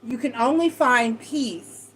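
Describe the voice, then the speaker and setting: Woman tarot reader, fairly high voice, chatty and rambling, frank with a salty streak; faint hiss behind. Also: takes it slowly, fairly bright tone, rough recording. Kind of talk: casual tarot reading monologue.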